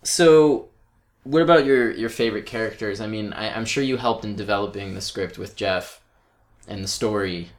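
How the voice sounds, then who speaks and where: A man leads a casual interview with a relaxed, joking manner. He prompts questions and teases along the way. His tone stays light and playful. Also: fairly low pitch, normal speed. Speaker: actor and interviewer.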